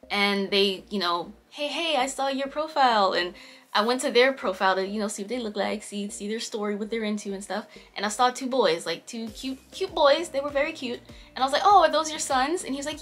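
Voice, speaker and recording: A woman's voice: on the high side, fairly quick, a bit bright. A woman vlogger telling a personal story in casual chat, talking freely, laughing often and acting out what people said. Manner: chatty, laughs often, voices quoted people.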